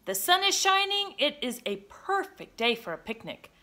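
A woman voicing a cheerful father in a children's storybook, bright and upbeat. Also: high-pitched, very animated, normal speed, voice pushed up, heavily acted.

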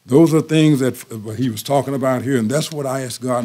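An older man preaches to his congregation in a folksy storytelling way. He leans on repeated phrases to drive home each point. His pitch sits in the ordinary middle for a man. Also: fairly quick, warm tone. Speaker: pastor. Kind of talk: sermon.

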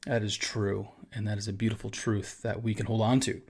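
A man's voice: on the low side, flat delivery, brisk, a little mellow. A man, a pastor, teaching about a church confession of faith in a casual, conversational way with asides.

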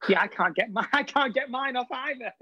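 Brief: woman co-host, high voice, dry close sound, teasing and chatty. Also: brisk, bright, forceful tone, husky, no echo, lo-fi sound. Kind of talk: live cooking show banter over video call. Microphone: video call.

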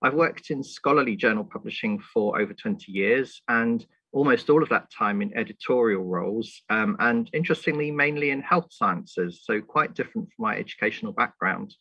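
A man's voice: lowish voice, moderate pace, hardly any pauses, sharp tone, slightly rough, dry recording. A man from the UK giving a polite, formal conference talk over a remote link. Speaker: guest speaker. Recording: dry lo-fi call audio.

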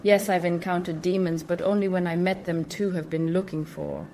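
A woman's voice: fairly low pitch, steady tone, normal speed, warm tone, slight background noise. A woman hosting a spiritual channel, explaining things in a casual monologue with emphatic repetition and awkward phrasing.

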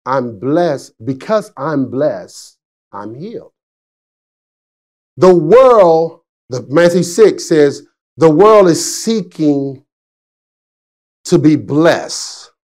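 High-voiced laughing pastor telling stories. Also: male voice, drawn-out words, pauses often. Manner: chatty storytelling with frequent laughs; swings between excited and hushed. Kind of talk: sermon. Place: church service.

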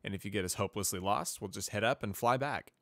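A man's voice: on the low side, fast talker, fairly bright tone, no echo. A man voicing a cheerful, eager young male pegasus navigator in a fan storybook reading. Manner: upbeat, eager, talkative.

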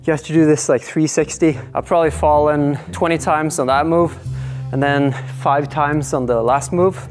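A man's voice: on the high side, fairly even intonation, moderate pace, faint music behind. A man out of breath in an indoor climbing gym, talking casually into a clip-on mic between climbs, with sighs and puffs. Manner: chatty, sighing and puffing between climbs. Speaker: climber filming himself. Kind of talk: casual on-the-spot commentary. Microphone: clip-on microphone worn on the body.

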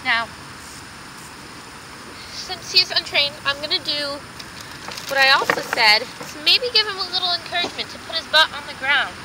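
A woman's voice: sits high, expressive, moderate pace, long pauses, background noise. A young woman in a casual home vlog, chatting to the camera while she trains her dog, with short firm commands and sing-song praise.

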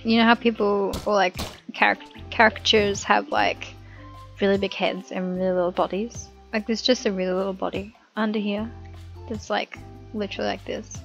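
A woman's voice: medium pitch, fairly even intonation, normal speed, creaky, a bit bright, muffled recording, soft background music. A woman giving rambling, giggly commentary while playing a video game. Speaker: gaming YouTuber. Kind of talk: casual let's-play commentary.

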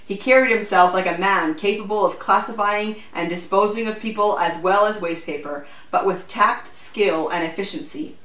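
Woman reading a story aloud, echoey. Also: mid-range voice. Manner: measured, even storytelling. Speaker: book reviewer. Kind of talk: scripted narration. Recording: roomy echo, distant mic.

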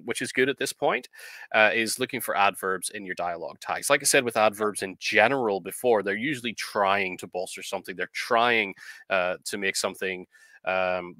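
A man with a fairly low voice and a bright, forward tone talks through editing advice in a measured, explanatory way, often pausing on ums and uhs. The sound is dry and close, with little room around it. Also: no echo. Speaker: co-host of a writing advice show. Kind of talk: casual discussion on editing fiction.

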